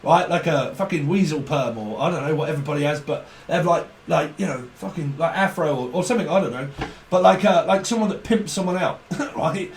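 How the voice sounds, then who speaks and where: Guy doing a tarot reading, kinda high voice, swears a lot, sounds far from the mic in an echoey room. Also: a little fast, slight background noise. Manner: rambling, profane, laughs often. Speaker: tarot reader. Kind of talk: rambling tarot reading monologue.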